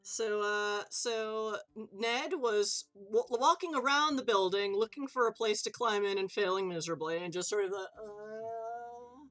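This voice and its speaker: A woman's voice: medium pitch, a little slow, a bit bright. A woman running a tabletop game on a live stream, chatty and loose, swearing casually and laughing easily. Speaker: game master.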